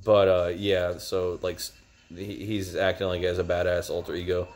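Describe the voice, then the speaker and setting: A man's voice: deep voice, flat delivery, normal speed, darkish tone. A young man giving a casual, rambling video review with lots of fillers. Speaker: show reviewer.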